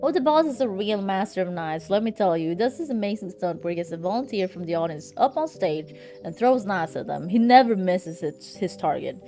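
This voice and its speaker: A woman's voice: mid-range voice, animated, brisk, few pauses, dark tone, faint music behind, natural voice. A woman voicing a cheerful male rodeo clown working a circus ticket booth, with a folksy drawl and forced salesman cheer. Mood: salesy cheer.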